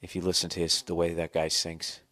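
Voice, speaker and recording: A man's voice: low-pitched, monotone, a little fast, sharp tone, no echo. A man in his forties hosting a podcast, ranting casually with profanity and sarcasm on a close studio mic. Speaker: podcast host. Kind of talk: casual comedic rant.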